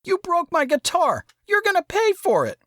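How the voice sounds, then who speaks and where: A man voicing a crying, furious teenage younger brother in an audiobook, with a shrill, tearful voice. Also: huge pitch swings, moderate pace, fairly bright tone, no room sound, studio quality, exaggerated voice. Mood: screaming, tearful.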